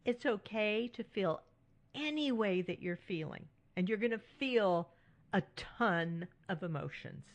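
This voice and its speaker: A woman's voice: medium pitch, expressive, measured pace. A middle-aged woman hosting a solo podcast, speaking frankly and reassuringly and often checking in with "right?". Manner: warm, reassuring and frank, with frequent "right?" tags. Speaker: podcast host.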